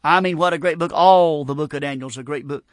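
An older male preacher delivers a fervent, folksy sermon, breaking his points with frequent amens. His voice sits high for a man. The sound is dry and close, with no room echo. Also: fast talker.

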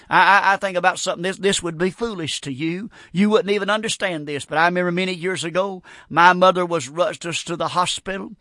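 A man's voice: high-pitched, pushed and bright, no echo, studio quality. An older man preaching a sermon, emphatic and repetitive, often stumbling over restarts.

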